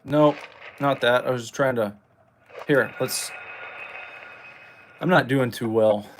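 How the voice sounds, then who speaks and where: A man talks through a horror game in loose, jokey commentary. His pitch sits in an ordinary middle range, and he breaks into sudden excited yelps. A faint hiss of noise runs under the voice. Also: takes it slowly, rough recording. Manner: rambling, jokey, excitable outbursts. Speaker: gameplay streamer. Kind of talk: casual gameplay commentary.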